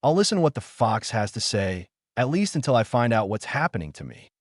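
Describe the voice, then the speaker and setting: A man voicing a hot-headed young boy ninja who rants and yells. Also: medium pitch, big pitch swings, brisk, no room sound, clean studio sound. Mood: wary. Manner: ranting, yelling.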